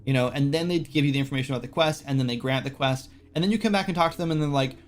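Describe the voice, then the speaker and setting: A man's voice: medium pitch, racing. A man hosting a casual game-development live stream, rambling with lots of "like" and "right?" fillers. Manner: quotes game characters in brief voices.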